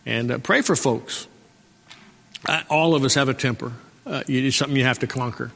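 Gravelly-voiced man preaching in a reverberant church. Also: medium pitch, fairly quick, fairly bright tone. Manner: folksy preaching with call-and-response amens. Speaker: pastor. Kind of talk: sermon. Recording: long hall reverb.

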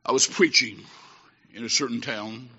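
A man preaching a sermon, swinging from shouted exhortation to hushed storytelling as a traveling preacher. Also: medium pitch, moderate pace, husky. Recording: echoey hall, dull lo-fi sound.

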